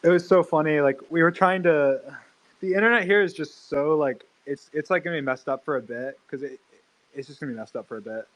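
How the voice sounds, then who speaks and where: A man's voice: on the high side, brisk. A young man streaming, telling a rambling, profane story full of fillers and restarts. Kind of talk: casual livestream chat.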